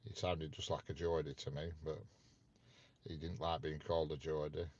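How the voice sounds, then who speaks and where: Man host, very low voice, teasing casual live-chat delivery, dull lo-fi stream sound. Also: flat delivery, normal speed, darkish tone. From north of England. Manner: chatty, teasing, playful questions to viewers. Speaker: livestream host chatting with viewers.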